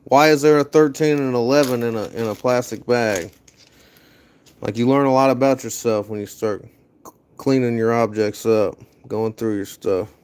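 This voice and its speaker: A man's voice: mid-range voice, a little mellow, slight background noise. A young American man live-streaming from his home garage, chatting casually with viewers and giving rambling, upbeat pep talks while he sorts tools. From USA. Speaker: livestreaming garage vlogger.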